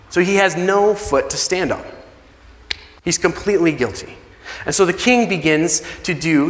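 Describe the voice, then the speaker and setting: A man's voice: fairly high pitch, a bit bright. A male pastor preaching a conversational sermon, acting out the pleas in the story he tells. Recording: long reverb of a large hall.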